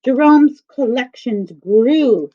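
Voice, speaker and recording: A woman teacher reading a picture book aloud to children, stressing each word slowly in a sing-song way. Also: high voice, expressive. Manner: slow, sing-song emphasis on words. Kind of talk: read-aloud lesson for children. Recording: dull lo-fi sound.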